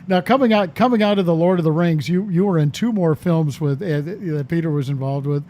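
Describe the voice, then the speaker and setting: Enthusiastic fairly high-voiced male host. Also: fairly quick, darkish tone. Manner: enthusiastic, gushing praise. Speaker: interviewer host. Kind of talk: interview questions.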